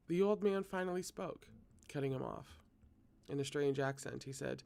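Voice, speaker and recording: A man reading a novel aloud at a steady pace, now and then correcting himself. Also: mid-range voice, moderate pace, creaky, clear, resonant tone. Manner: steady, occasional self-corrections. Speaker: reader.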